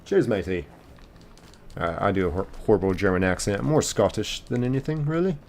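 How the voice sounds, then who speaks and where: A man's voice: on the low side, animated, fast, a little mellow, a little hiss or hum. A man streaming a game live, reading chat aloud and rambling casually with lots of fillers and restarts.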